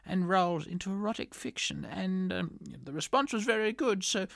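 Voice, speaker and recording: A woman's voice: mid-range voice, normal speed, gravelly, no room sound, clean studio sound. A woman co-hosting a comedy podcast, rambling through stammering asides. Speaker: podcast co-host. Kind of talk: comic banter.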